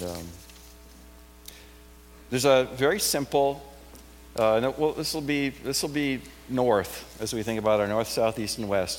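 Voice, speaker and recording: A man giving a conversational, reflective sermon, repeating phrases softly for emphasis. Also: fairly low pitch. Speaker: preacher. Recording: long hall reverb, faint hum.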